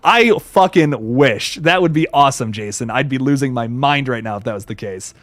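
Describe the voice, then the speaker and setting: A young man hosting a casual livestream, reading viewer comments aloud and reacting in an animated way, with frequent swearing and self-corrections. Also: medium pitch, moderate pace, no room sound. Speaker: livestream host.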